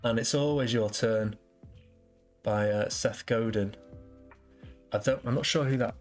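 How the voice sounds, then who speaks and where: A man's voice: medium pitch, a little slow, soft background music. A man hosting a casual solo podcast, rambling and self-deprecating with lots of restarts. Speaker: podcast host.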